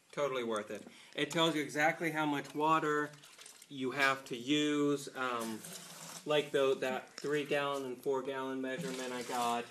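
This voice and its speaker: A man's voice: medium pitch, pushed and bright, a little hiss or hum. Chatty man giving a home brewing demo. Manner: chatty, rambling, self-deprecating humor. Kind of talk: casual how-to demonstration. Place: home kitchen.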